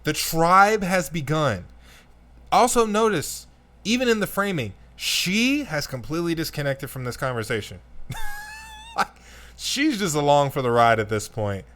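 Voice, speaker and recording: A man's voice: a little high, normal speed. A man giving casual reaction commentary on a video clip, ranting and speaking to his audience directly. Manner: animated, ranting, addresses the audience.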